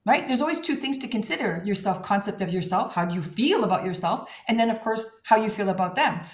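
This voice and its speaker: Female coach talking to camera, animated and blunt, average pitch, roomy echo. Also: brisk. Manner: animated, blunt, swears freely. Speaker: manifestation coach. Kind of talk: casual advice talk to camera.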